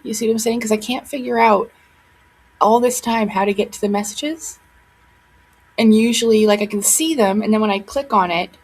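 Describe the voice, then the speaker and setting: Breathy woman rambling emotionally. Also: medium pitch, low-quality recording. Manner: rambling, emotional, frequent fillers and restarts. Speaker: vlogger. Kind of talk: casual chat to camera.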